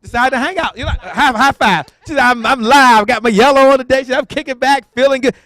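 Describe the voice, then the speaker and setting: A man's voice: very high-pitched, fast talker, a bit bright. A man hosting a live motivational event on stage, hyping the crowd with repeated call-outs. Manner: hyped, repetitive, call-and-response. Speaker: event emcee. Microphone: handheld stage mic.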